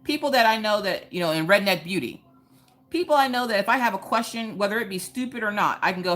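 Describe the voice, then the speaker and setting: A young woman hosting a casual crafting livestream from home, ranting animatedly with sudden high exclamations. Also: animated, fast talker, a bit bright. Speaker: livestream host. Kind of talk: casual chat while crafting.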